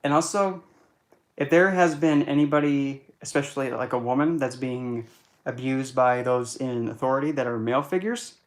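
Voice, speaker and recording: A man's voice: medium pitch, moderate pace. A man giving a casual, blunt monologue as an occult vlogger, chatting and joking darkly as he corrects himself.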